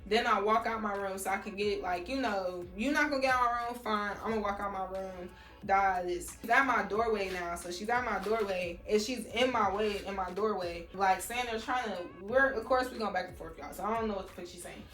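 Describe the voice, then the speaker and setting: A woman's voice: mid-range voice, a little fast, hardly any pauses, fairly bright tone, echoey room. Heated woman venting in a storytime vlog. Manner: heated, emphatic, repeats herself, addresses viewers as y'all. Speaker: vlogger telling a story. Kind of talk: storytime vlog, casual and profane.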